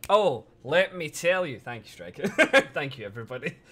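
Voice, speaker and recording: A man chatting casually on a live stream, excitable and swearing freely, laughing often as he talks to his chat. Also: on the high side, moderate pace.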